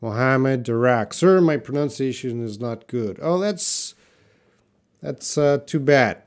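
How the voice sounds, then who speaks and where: Slow, unhurried male English teacher. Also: medium pitch. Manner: relaxed, drawn-out, models words slowly. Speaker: English teacher hosting a live class. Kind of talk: live-stream lesson, reading chat comments.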